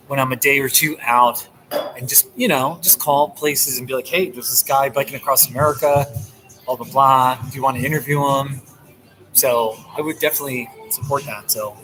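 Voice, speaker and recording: A man's voice: medium pitch, low-quality recording. A man live streaming from a coffee shop, chatting casually and animatedly with his viewers and laughing often. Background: music playing.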